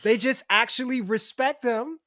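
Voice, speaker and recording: A man's voice: very high-pitched, moderate pace, sharp tone, dry recording. A middle-aged man talking candidly as a podcast guest, restarting his sentences and swearing casually. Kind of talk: casual conversation.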